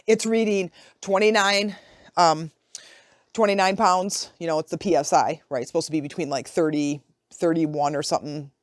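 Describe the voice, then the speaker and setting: A woman's voice: fairly low pitch, dry recording. Chatty woman in her forties, dry sound. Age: 40s. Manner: chatty and conversational, often asking "right?". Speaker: podcast host, life coach. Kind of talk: casual reflective podcast monologue.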